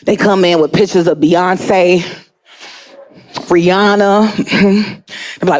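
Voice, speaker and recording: A woman from Atlanta performing stand-up comedy, telling stories in an animated way, acting out voices and laughing often. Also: lowish voice, slow pace, pauses often. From Atlanta, USA. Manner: animated storytelling, acts out voices, laughs a lot.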